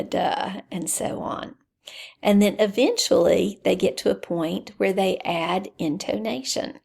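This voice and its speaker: A woman explaining a lesson in a relaxed lecture style, pausing often with fillers. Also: mid-range voice, vocal fry. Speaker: teacher. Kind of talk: recorded lecture.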